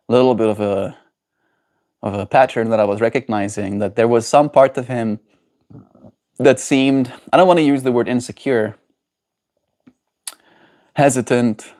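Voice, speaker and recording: A man streaming live, reading viewer messages aloud and answering them in a soft, reflective way. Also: mid-range voice. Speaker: daily livestreamer. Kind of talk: casual livestream chat.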